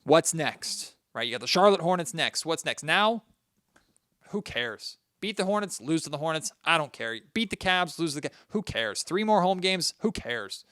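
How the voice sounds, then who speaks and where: A man's voice: on the high side, expressive, normal speed, fairly bright tone, no echo, clean studio sound. A man hosting a solo sports podcast, venting his frustration and talking straight to his listeners. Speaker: podcast host.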